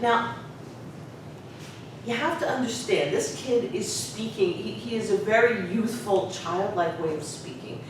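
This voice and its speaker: A woman who is a professor, telling a personal story in a conversational, reflective way. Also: unhurried. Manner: conversational, reflective, lots of "you know". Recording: very echoey room, distant mic, faint rumble.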